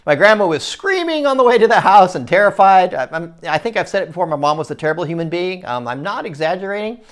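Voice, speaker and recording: A man's voice: sits high, fast. Man telling a rambling story. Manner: rambling, self-interrupting, animated when excited. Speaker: video creator telling a personal story. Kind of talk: casual storytelling monologue.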